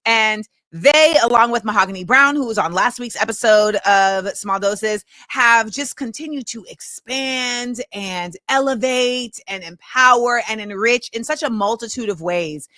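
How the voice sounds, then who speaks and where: Talk-show host, woman, bright forceful tone, dry close sound, rambling casual chat. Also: on the high side, a little slow, hardly any pauses, no echo. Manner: chatty, rambling with many fillers. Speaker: podcast host.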